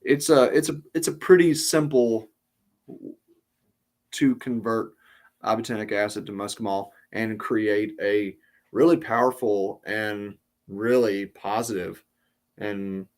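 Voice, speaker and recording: A man hosting a podcast, telling a casual story in a rambling way with many pauses and restarts. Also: lowish voice. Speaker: podcast host.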